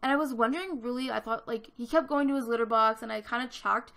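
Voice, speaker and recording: A woman's voice: a little high, fast talker, creaky. A woman in her twenties telling a chatty story over a game build, filling her talk with "like" and acting out what others said. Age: 20s. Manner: chatty, animated, lots of "like", acts out quoted voices. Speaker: YouTube Sims builder.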